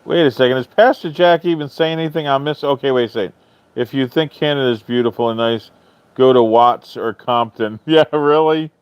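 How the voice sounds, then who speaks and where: A man hosting a live stream in casual chat, answering viewers' comments in a chatty, animated way, swearing freely and often laughing. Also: mid-range voice, a little fast, clear, resonant tone, no echo. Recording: dull lo-fi stream audio, dry.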